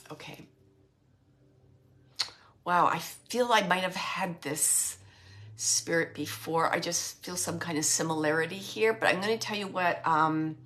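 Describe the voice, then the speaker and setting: A woman medium speaks slowly with a bright, forward voice. She relays messages gently and with feeling, pausing often between thoughts. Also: on the low side. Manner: slow, emotional, relaying spirit messages. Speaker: psychic medium. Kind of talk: livestreamed spirit reading.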